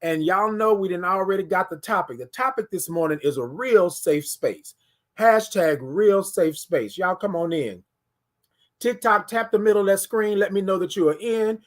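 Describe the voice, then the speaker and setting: Animated man hosting a live stream. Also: high-pitched, normal speed. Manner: animated, talks to viewers and reads comments aloud. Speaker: livestream host. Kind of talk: casual livestream chat.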